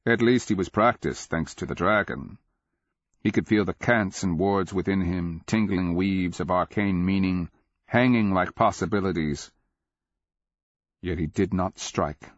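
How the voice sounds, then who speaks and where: A man narrating a fantasy audiobook in a measured, grave, deliberate way. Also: low voice, no echo. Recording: dull lo-fi audio.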